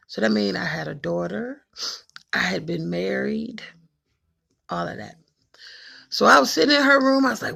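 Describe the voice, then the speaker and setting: A woman in her forties from Cleveland, telling folksy, animated family stories to the camera and hushing her voice to mimic her mother. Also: medium pitch, brisk, gravelly. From Cleveland, Ohio. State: emotional, choked up at times. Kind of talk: personal storytelling to camera.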